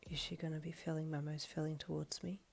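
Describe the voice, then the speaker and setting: A woman voicing a wry, body-swapped young heroine in a soft, low, half-whispered whispered role-play. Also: flat delivery, quick pace, gravelly, breathy edge, heavily acted. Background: faint background music.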